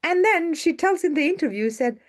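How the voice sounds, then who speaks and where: A woman's voice: very high voice, expressive, normal speed. A woman hosting an online masterclass over a video call, telling success stories with enthusiasm and repeating words for emphasis. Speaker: masterclass host and media coach.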